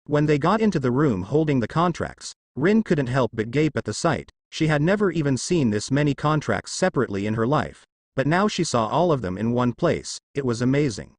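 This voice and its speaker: A man reads a fan fiction story aloud at a steady storytelling pace. His pitch moves in a lively, animated way, and the recording is dry and close with no room echo. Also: fairly quick. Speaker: narrator.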